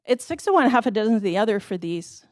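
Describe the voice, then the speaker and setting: A woman's voice: mid-range voice, big pitch swings, fast, no echo, clean studio sound. A woman in her thirties or forties speaking at a city council public hearing, impassioned and pleading, with brief laughs.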